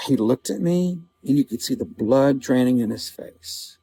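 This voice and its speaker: A man vlogging outdoors, telling a vivid personal story in a casual, halting way, with quoted dialogue. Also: mid-range voice, expressive, warm tone, slightly rough, no room sound, low-quality recording. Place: outdoors outside a small-town grocery store.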